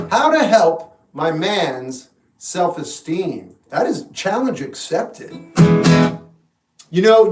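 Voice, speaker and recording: A man hosting a livestream, answering chat questions in a relaxed, frank, musing way. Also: sits high. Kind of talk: casual live chat. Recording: echoey room, mic at a distance. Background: guitar music in the background.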